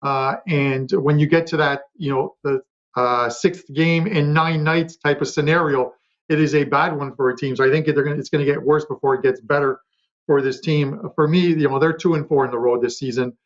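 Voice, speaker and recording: A man on a betting panel, chatting quickly about his picks with lots of fillers and restarts. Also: on the high side, steady tone, muffled recording. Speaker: sports betting handicapper. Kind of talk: casual panel talk.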